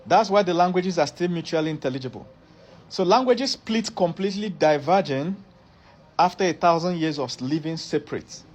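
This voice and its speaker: A man's voice: fairly high pitch, animated, normal speed. A middle-aged man, explaining a topic step by step and often repeating or rephrasing his phrases for emphasis. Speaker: educator. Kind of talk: explanatory lecture.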